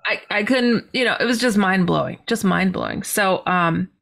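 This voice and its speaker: A woman, a podcast guest, telling a personal story in an animated way, filling her speech with "you know". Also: medium pitch, moderate pace, gravelly.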